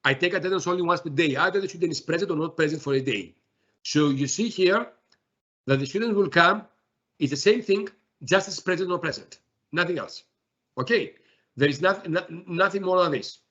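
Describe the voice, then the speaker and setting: Husky man giving a software demo. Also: a little high, lo-fi sound. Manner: halting, many fillers and restarts. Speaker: software presenter.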